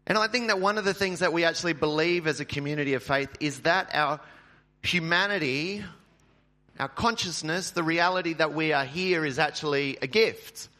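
A man's voice: a little high, moderate pace, pushed and bright. A male pastor giving a sermon in a church in a chatty, joking way, with many filler ums.

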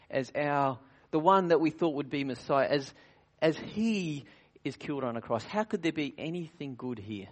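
A man serving as pastor, preaching earnestly at communion, asking rhetorical questions and sinking to quiet, intimate tones. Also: a little high, lively intonation, normal speed, few pauses. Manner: earnest, varies loudness widely, drops to near-whisper at times; frequent restarts and rhetorical questions. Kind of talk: communion sermon.

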